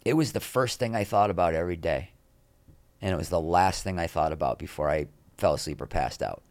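Man, middle-aged, interview guest, low voice, self-deprecating, rambling anecdotes, dry room. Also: a little fast, no room sound. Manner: rambling, self-deprecating, animated when quoting others. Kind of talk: candid storytelling interview.

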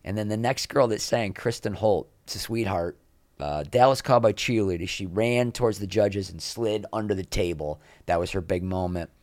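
Low-voiced guy telling rambly backstage stories, does loud voices for people he quotes, dry close mic. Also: moderate pace, no room sound. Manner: animated, acts out quoted people in raised voices; rambling, frequent restarts. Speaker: guest. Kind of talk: candid anecdotal storytelling.

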